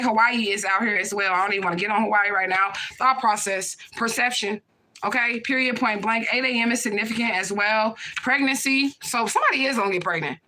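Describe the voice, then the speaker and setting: On a live stream, a young woman reads cards in a bright, forceful voice of medium pitch, with a little background noise. She talks bluntly and casually, swears a lot, and caps her points with "okay?" and "period, point blank."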